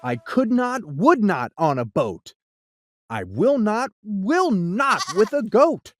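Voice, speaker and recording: A woman's voice: medium pitch, very animated, slow pace, slight background noise. Woman reading a rhyming storybook. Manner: rhythmic, sing-song rhyming delivery.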